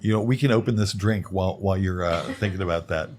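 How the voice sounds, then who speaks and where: A man with a very deep voice hosts a radio interview and keeps the talk playful and easygoing. Faint background noise sits under his speech. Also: fast talker, darkish tone. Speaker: radio host. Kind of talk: casual interview. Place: radio studio.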